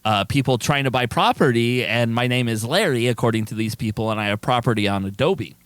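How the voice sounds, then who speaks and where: Male podcast co-host, mid-pitched, loose and profane, laughs through his own stories, dry close mic. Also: brisk, clear, resonant tone, dry recording. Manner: rambling, profane storyteller who laughs mid-sentence. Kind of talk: casual comedic chat.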